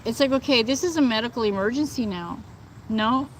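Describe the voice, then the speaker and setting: A woman's voice: on the high side, a little fast, a little hiss or hum, low-quality recording. A woman hosting a casual livestream, speaking indignantly and answering viewers, with many fillers such as "like" and "you know". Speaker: livestream host. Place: outdoors, within earshot of birds and thunder.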